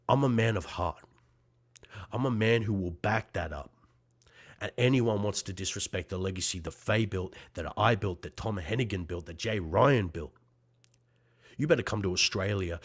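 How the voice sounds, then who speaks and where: A man with a voice on the low side speaks as a wrestler guest, cutting a fiery, profane, intense promo. He swings between shouting and quiet, heartfelt moments.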